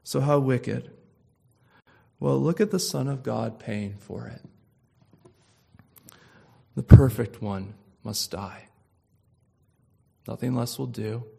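A middle-aged man delivers a sermon at an unhurried, deliberate pace. His preaching is emphatic and climbs to loud, impassioned peaks. His voice sits at an ordinary male pitch. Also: gravelly, husky.

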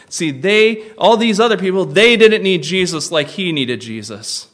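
A pastor preaching a sermon in an emphatic way, repeating key phrases and moving between hushed and loud. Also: male voice, sits high, animated, normal speed.

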